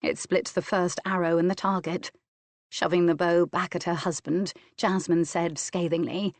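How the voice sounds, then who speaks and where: Woman reading an audiobook, lowish voice, steady, dead dry close mic. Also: moderate pace, no room sound. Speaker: audiobook narrator. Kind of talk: scripted narration.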